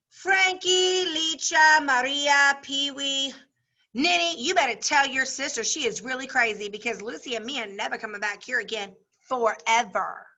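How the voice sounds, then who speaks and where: Woman teacher reading a book to the class, unhurried, bright kinda high voice, does the kids' voices. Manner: reads with lively character voices, then talks it over plainly. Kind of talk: reading a novel aloud to a class, then explaining.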